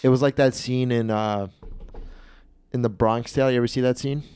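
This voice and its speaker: A man hosting a comedy podcast, telling a story in an animated, profane way and acting out the people in it. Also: mid-range voice, moderate pace. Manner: animated, profane, acts out the people in his stories. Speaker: podcast host.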